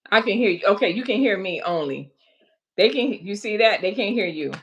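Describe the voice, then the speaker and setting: A woman hosting a live stream in a loose, chatty way, speaking straight to her audience with homey asides. She breaks off now and then to read out facts in a halting manner. Her voice sits at an ordinary middle pitch. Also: animated, dull audio. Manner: chatty, addresses viewers directly with folksy asides; reads health facts aloud haltingly between chat. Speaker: livestream host. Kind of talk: casual livestream chat.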